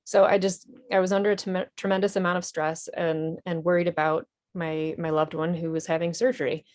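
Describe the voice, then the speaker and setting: A woman's voice: fairly low pitch, little pitch movement, fairly quick, darkish tone. A woman, an Army veteran and nonprofit director, telling her story in a TV interview in an earnest, candid way with small restarts.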